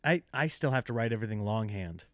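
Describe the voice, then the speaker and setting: A man's voice: lowish voice, expressive, fast talker, no room sound, studio quality. A man hosting a casual podcast chat as a comedian, asking curious follow-up questions and telling stories.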